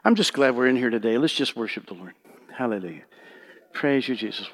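A man preaching a sermon as pastor, shifting from hushed prayer to loud fervent calls to the congregation. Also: medium pitch, lively intonation, brisk.

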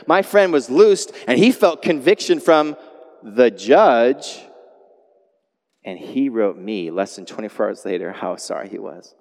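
A man preaching a sermon as a pastor, animated, moving between quiet lines and loud exclamations. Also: medium pitch, a little slow. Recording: long hall reverb.

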